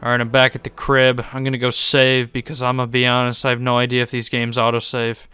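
A young man giving excitable gaming commentary, swearing, laughing and making sarcastic remarks as he plays. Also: mid-range voice, quick pace, smooth, dry recording, clean studio sound. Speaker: gaming YouTuber.

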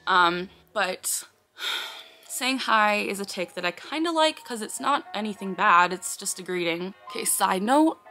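Bright-voiced woman vlogging earnestly. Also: medium pitch, animated, measured pace, faint music behind. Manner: earnest and explanatory, often breaking off with sudden blurted words and sighs. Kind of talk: casual talk to camera.

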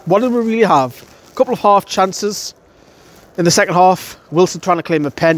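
A man's voice: sits high, fairly quick. A young man from North East England, giving an angry, blunt fan reaction outdoors by a stadium, swearing and repeating himself. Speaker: fan channel presenter. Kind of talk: post-match fan reaction. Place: outdoors outside a stadium, wet weather.

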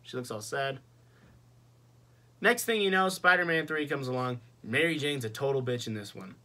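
Animated, foul-mouthed young male vlogger. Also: medium pitch, moderate pace. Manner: profane, exasperated ranting. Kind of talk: casual ranting movie review.

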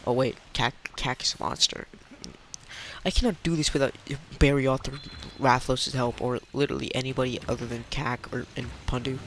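A man commentating his own gameplay, swinging between muttered complaints and panicked, swearing yells. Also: medium pitch, steady tone, a little fast, a little hiss or hum. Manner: panicky, yelling, swearing outbursts. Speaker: let's play gamer. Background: game music.

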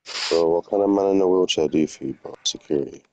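Man, very low and dark-toned, quick talker, casual low-key chat. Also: no room sound, low-quality recording.

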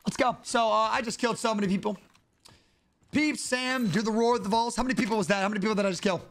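A man's voice: high-pitched, fairly even intonation, fast talker, a bit bright. A young man streaming a shooter game, trash-talking opponents in brash, profane live commentary. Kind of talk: casual live-stream commentary while gaming. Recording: game noise under voice.

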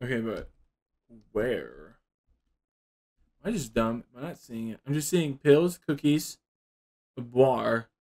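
A man's voice: mid-range voice, expressive, slow pace, long pauses, a little mellow, poor audio. A young man commenting while playing a horror game, jumpy and joking, often gasping and exclaiming. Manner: jumpy, exclaims "oh" a lot, jokey. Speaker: gaming YouTuber.

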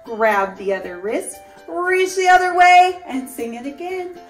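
Cheerful woman yoga teacher, high voice. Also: animated, a little slow. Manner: cheerful, encouraging, sings cues. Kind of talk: guided kids' yoga with singing. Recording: roomy, mic at a distance, music underneath.

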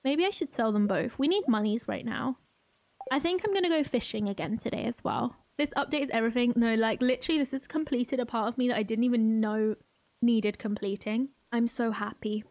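A woman streamer giving excitable, giggly live commentary while playing a game. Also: a little high, a little fast, a little hiss or hum.

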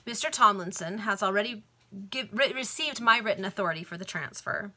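A woman voicing a cool, scheming male Victorian financier in a read-aloud novel, speaking with calm irony. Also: medium pitch, fairly quick. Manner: cool, ironic.

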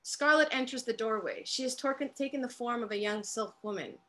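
A woman narrating stage directions in a dramatic play reading, measured and quiet. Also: a little high. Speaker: playwright reading her work.

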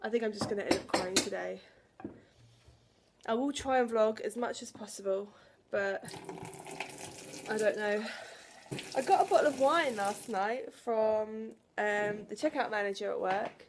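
With slight background noise in the recording, a woman in her twenties talks at a measured pace in a medium pitch. It's a casual at-home vlog, chatty and emotional, with laughter and sighs between her thoughts.

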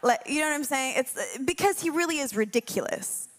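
A young woman with a high, expressive voice leads a congregation in spoken prayer, hushed and slow, then shifts into a chatty, candid personal story, laughing often. Faint music plays behind her as the worship leader speaks.

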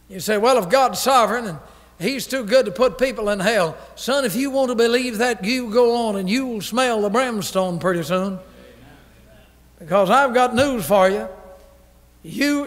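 A pastor preaching a fiery revival sermon, forceful, stern and emphatic, from an old radio broadcast. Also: male voice, very high-pitched, a little slow, pauses often. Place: church sanctuary. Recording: reverberant church hall on old radio broadcast.

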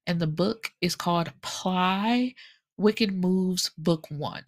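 A woman's voice: fairly low pitch, normal speed, creaky. Sassy, chatty woman reviewing a book. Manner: animated, sassy storytelling with asides. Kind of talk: casual book review chat.

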